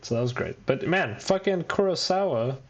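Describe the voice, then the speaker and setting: Young male podcast co-host, high voice, animated, casual, quick to laugh. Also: dull audio. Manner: animated, laughing, acts out characters in quoted voices. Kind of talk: casual chat.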